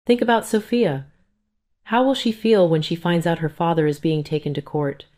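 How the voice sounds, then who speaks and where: A woman reading the lines of a calm, businesslike male family lawyer. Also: fairly low pitch, natural voice. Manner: measured, reassuring, businesslike.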